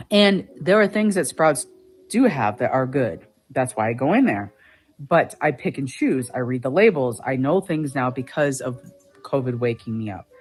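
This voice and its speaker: A woman's voice: a bass voice, animated, unhurried, a little mellow, husky, faint music behind. A woman vlogger ranting casually to the camera, agitated as she retells her arguments.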